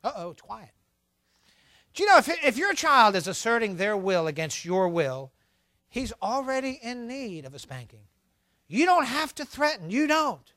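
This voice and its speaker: A middle-aged man giving a humorous sermon on parenting, animated and acting out scolding parents for laughs. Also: extremely high pitch, moderate pace, no echo.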